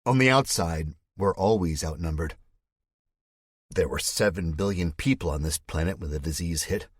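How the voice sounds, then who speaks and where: A man with a low, husky voice narrates an audiobook in the first person. His delivery is tense and measured, recorded dry and close with no room sound. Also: no echo.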